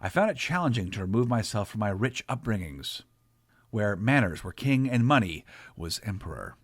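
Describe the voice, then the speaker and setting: A man's voice: on the low side, lively intonation, moderate pace, dry recording, clean studio sound. A man reading his own fictional short story aloud in a wry, theatrical storytelling manner. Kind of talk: scripted narration of a short story.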